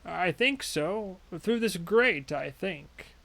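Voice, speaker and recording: A man voicing a frail, forgetful old male widower, speaking slowly and haltingly. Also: high-pitched, expressive, vocal fry, bright, forceful tone, heavily acted. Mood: wistful. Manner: slow, halting and wistful.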